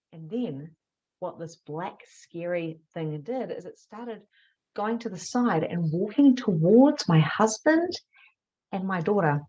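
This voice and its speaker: A woman, a spiritual mediumship teacher telling a candid story to camera, animated and swearing freely. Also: on the low side, lo-fi sound. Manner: animated, swears freely, acts out her own past reactions.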